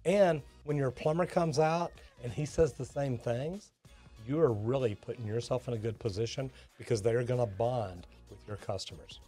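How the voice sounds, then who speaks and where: A man, a plumbing educator, giving an energetic, emphatic business lesson to tradespeople and acting out talks with customers. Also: mid-range voice, normal speed, faint music behind.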